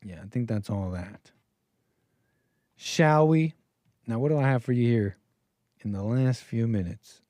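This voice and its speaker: A man's voice: mid-range voice, measured pace, long pauses, warm tone, no room sound. A man hosting a call-in livestream, chatting casually and rambling with laughs. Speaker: call-in show host.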